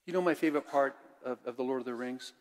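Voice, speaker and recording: An older man preaching a sermon as pastor, candid and conversational, swinging between loud and hushed. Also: mid-range voice, quick pace. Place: church sanctuary. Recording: long church reverb.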